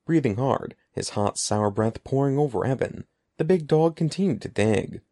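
A man telling a storybook tale with a gravelly, mellow voice. His pitch moves a lot as he builds tension, and the recording is dry and close to the mic. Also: moderate pace, no room sound. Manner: expressive, dramatic reading. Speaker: narrator. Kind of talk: audiobook storytelling.

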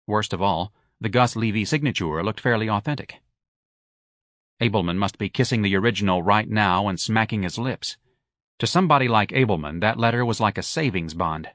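A man narrating a novel in a wry, expressive reading style. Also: lowish voice, fairly quick, no echo, clean studio sound. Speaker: audiobook narrator. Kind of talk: scripted storybook narration.

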